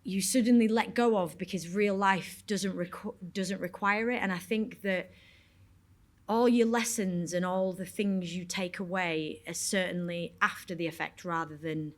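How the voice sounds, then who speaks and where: A woman's voice: on the low side, fairly even intonation, moderate pace. A woman with a Yorkshire accent speaking frankly on stage at a panel Q&A, rambling and swearing casually. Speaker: actor on a panel. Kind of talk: candid Q&A talk. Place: stage at a cinema event.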